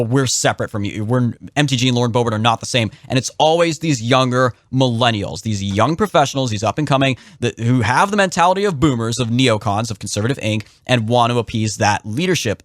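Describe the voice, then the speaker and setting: A young adult man co-hosting a casual political podcast, opinionated and animated, who acts out the people in his stories. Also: no echo, studio quality. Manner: animated, opinionated, swings pitch sharply for emphasis. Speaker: podcast co-host.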